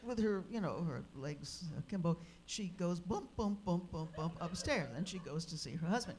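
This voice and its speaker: A woman speaker at a religious gathering, telling an anecdote in a lively, animated way with humorous asides. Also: fairly low pitch, normal speed, few pauses, noisy background. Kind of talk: anecdotal storytelling. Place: live gathering hall.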